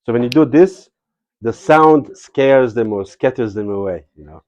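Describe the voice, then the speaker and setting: A man's voice: mid-range voice, normal speed, darkish tone, muffled recording. A man giving a spiritual lecture, telling stories in a casual, digressive way and often adding "you know". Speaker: spiritual teacher. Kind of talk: devotional lecture with storytelling.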